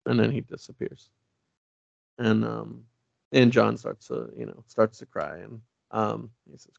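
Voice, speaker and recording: A man with a very gravelly, fry-filled voice talks casually on a podcast, recapping a comic's story beat by beat and reading its lines aloud between lots of ums and uhs. The sound is dry and a little dull, with no room in it. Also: fairly low pitch, little pitch movement, a little slow, no room sound. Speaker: podcast co-host. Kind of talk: casual chat.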